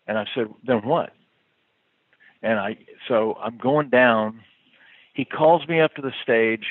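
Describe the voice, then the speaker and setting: A man's voice: medium pitch, unhurried, long pauses, no room sound. Chuckling man telling tour stories. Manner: rambling, chuckling storyteller with many fillers. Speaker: touring musician. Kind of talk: casual anecdote telling. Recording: tinny phone-like line.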